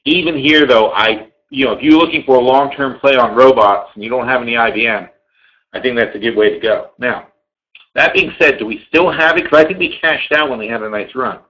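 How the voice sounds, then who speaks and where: Animated swearing man hosting a webinar. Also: mid-range voice, a little fast. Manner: animated, digressive, swears casually. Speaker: webinar host and trading educator. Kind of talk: casual live webinar talk. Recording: roomy, slightly dull sound.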